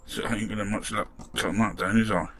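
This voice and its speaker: Gravelly low-voiced man tinkering. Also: brisk, very noisy. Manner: chatty, muttering while working, mild swearing. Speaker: model restoration vlogger. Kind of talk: casual workshop commentary.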